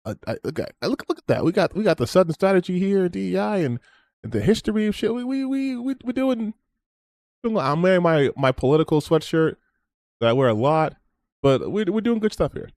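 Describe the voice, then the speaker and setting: A man's voice: sits high, lively intonation, a little fast, a little mellow, no echo, studio quality. A man streamer closing out his stream in a rambling, self-promoting chat, swearing freely as he talks. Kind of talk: casual stream sign-off chat.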